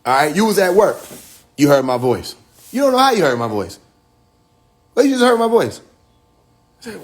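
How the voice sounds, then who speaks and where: A man with a slightly high voice talks loosely and warmly to his followers on a livestream. He slips into slangy storytelling, acts out the lines of the people in his stories, and laughs between his points while calling on his listeners directly. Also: big pitch swings, normal speed, long pauses. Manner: slangy storytelling with acted quotes. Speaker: spiritual speaker on a livestream. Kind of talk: casual livestream talk to followers.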